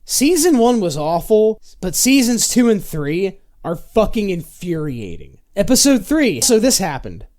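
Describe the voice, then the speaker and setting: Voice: medium pitch, sing-song, measured pace, few pauses, a little mellow. A video reviewer narrating a sarcastic, profane comedy review of an old TV show, sounding exasperated. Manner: sarcastic, exasperated, swears often.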